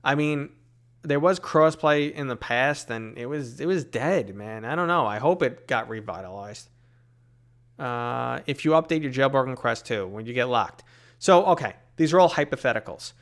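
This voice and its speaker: New York man, smooth, rambling chat. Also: mid-range voice, lively intonation, moderate pace. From New York City. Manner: rambling, many fillers, reads chat aloud. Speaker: streamer answering live chat. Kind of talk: casual live Q&A.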